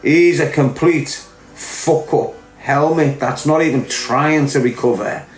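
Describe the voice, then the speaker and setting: A middle-aged Liverpool man hosts a podcast, delivering an unscripted monologue to camera that's blunt, sweary, and lecturing. His voice is a little high and slow. The room has an echo, and faint music plays.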